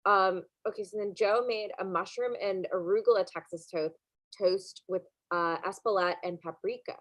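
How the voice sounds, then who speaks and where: A woman's voice: mid-range voice, moderate pace, dry recording. Woman cohost rambling about a cooking show, lots of ums, dry close mic. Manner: rambling, self-correcting, lots of fillers. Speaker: podcast co-host. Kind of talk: casual chat recapping a cooking show.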